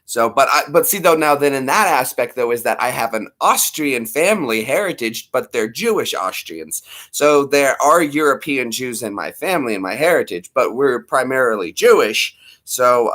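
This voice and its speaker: Thirtysomething guy rambling on his morning livestream, bright voice, pitch all over the place, chatting to viewers. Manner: rambling, playful, chats with viewers by name. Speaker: livestream host. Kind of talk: casual livestream chat.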